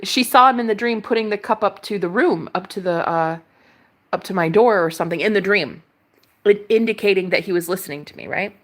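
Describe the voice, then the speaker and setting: A woman vlogger telling a casual story, excitable and gushing, laughing often. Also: mid-range voice, brisk. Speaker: tarot reader vlogger.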